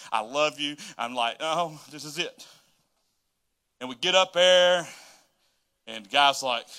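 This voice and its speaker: A man, preaching as pastor and telling a story with animated, dramatic asides. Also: medium pitch. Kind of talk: storytelling sermon.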